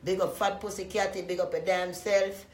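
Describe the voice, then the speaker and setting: A woman from Jamaica with a Jamaican accent, talking loudly and profanely to her live-stream viewers in a casual, rambling way, often breaking into laughter. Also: fairly low pitch, normal speed, echoey room, slight background noise. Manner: profane, loud and animated with frequent laughs.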